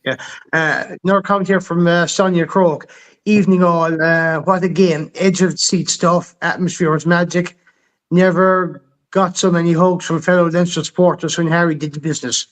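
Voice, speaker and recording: High-voiced Kerry man hosting. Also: steady tone, moderate pace, a bit bright. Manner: dry, teasing, steers the talk along. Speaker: podcast host. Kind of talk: hosting a live sports chat.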